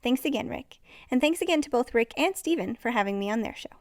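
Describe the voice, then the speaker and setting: A woman's voice: fairly high pitch, expressive, fast, no echo, studio quality. A woman hosting a podcast, talking in a bubbly, effusive way to her listeners. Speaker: podcast host. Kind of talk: casual podcast chat.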